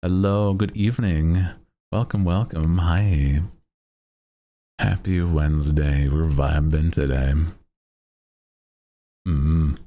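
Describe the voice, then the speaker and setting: A man's voice: rumbling low, steady tone, takes it slowly, long pauses, warm tone. A man streaming and chatting casually with his viewers in a playful, self-mocking way, laughing often. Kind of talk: casual chat.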